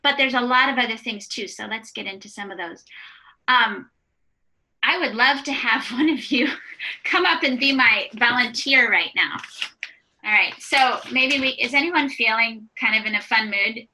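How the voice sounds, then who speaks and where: Her voice a little high and her pace normal, a woman hosts a live online workshop for early childhood educators through a video call microphone. She chats warmly, often restarting sentences and laughing lightly.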